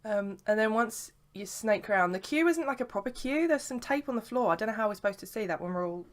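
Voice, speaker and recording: A woman's voice: mid-range voice, expressive, quick pace. Chatty young woman vlogging. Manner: chatty and rambling, lots of "sort of" and "like". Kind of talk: casual chat.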